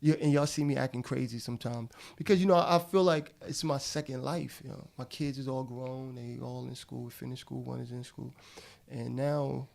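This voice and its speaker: Middle-aged guy w a raspy gravelly voice, talks loose and slangy, calls everyone bro. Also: medium pitch, fairly even intonation, normal speed, a little mellow. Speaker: guest actor. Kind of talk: casual podcast chat. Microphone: studio podcast mic.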